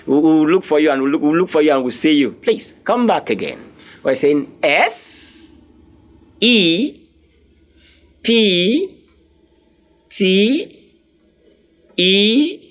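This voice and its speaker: A man teaching French, drilling words slowly, spelling them letter by letter and encouraging his learners. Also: sits high, sing-song. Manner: encouraging, speaks directly to learners. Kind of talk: live online language lesson.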